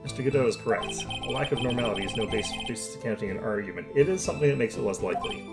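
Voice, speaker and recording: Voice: medium pitch, expressive, racing, vocal fry. A streamer reading a bumbling old judge. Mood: formal. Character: fussy, easily confused older male judge. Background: loud game music.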